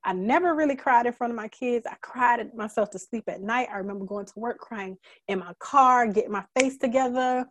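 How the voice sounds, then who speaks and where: A middle-aged woman as a guest, telling her story candidly in an earnest, halting way, holding back tears. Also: on the high side, a little hiss or hum. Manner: earnest, halting, many fillers and restarts; emotional, fighting back tears. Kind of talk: candid conversational testimony.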